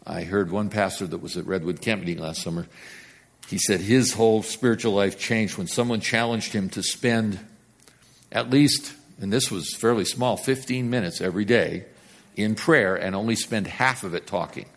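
A man preaching a sermon, telling the story with big swings from loud and emphatic to hushed. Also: fairly low pitch, normal speed.

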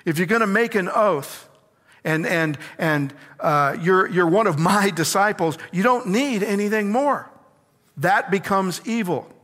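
Preacher guy, punchy bright voice, asks the crowd stuff then answers it, big echoey hall. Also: high voice, a little slow. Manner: emphatic, asks the congregation questions and answers them. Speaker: pastor. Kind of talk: sermon.

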